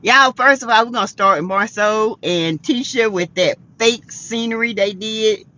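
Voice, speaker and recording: A woman's voice: fairly high pitch, normal speed, sharp tone. A woman hosting a casual live chat, tired, laughing often and greeting viewers by name. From South Carolina. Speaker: livestream host. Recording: dull lo-fi sound.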